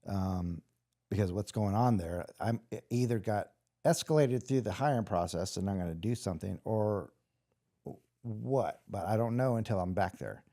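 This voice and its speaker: A man's voice: on the low side, animated, moderate pace, warm tone. A middle-aged man from Los Angeles, a former soldier telling his story in a casual, rambling interview, with many restarts. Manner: rambling, conversational, many restarts, acts out quoted voices. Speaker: guest, former special operations soldier.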